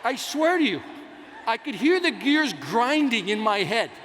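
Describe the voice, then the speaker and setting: A man giving a motivational sales keynote on stage in a large conference hall, telling stories in an animated, self-mocking way. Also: very high voice, measured pace, some chatter behind, slight background noise. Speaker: keynote speaker. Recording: reverberant hall with faint ambience.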